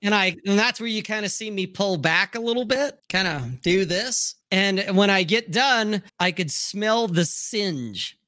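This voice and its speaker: A man's voice: high-pitched, a little slow, few pauses, sharp tone, no echo, studio quality. A man co-hosting a casual chat show, telling a rambling, profane story. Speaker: co-host.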